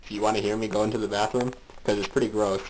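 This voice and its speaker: Racing along in a steady tone, a young man with a fairly low voice chats casually as a podcast guest over voice chat from a small bathroom at home. He cracks crude jokes and laughs frequently. His close voice chat mic is loud and noisy.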